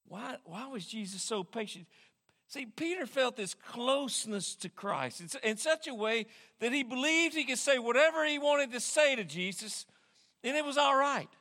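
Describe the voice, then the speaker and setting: Male pastor, lively high sermon voice with a bright edge, long reverb from a big church hall. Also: normal speed. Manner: animated, repeats words while thinking.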